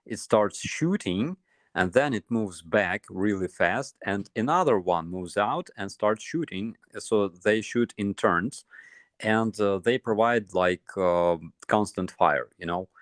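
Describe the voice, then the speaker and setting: A man with a Ukrainian accent tells a story in casual chat, hesitant and full of pauses and fillers. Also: lowish voice, animated, no echo, studio quality. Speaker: guest soldier.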